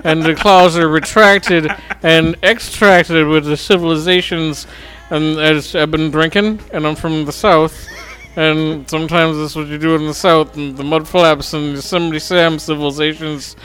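A man's voice: a little high, fairly even intonation, unhurried, a bit bright, soft background music, poor audio. A man co-hosting a podcast in casual chat, goofy and rambling, often laughing. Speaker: podcast co-host.

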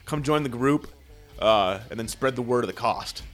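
A man's voice: medium pitch, moderate pace, soft background music. A young man co-hosting a podcast, joking crudely and talking in a laid-back, casual way. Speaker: podcast co-host. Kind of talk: casual chat.

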